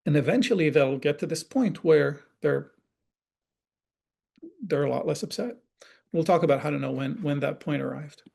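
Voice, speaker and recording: Gravelly, fairly high-voiced man teaching. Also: normal speed, long pauses, darkish tone. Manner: conversational, often checks in with "right?"; acts out example dialogue in changed voices. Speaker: parenting educator and forum guest. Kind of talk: explanatory online talk.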